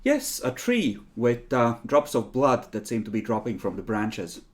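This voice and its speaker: Expressive man narrating as game master. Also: medium pitch, measured pace.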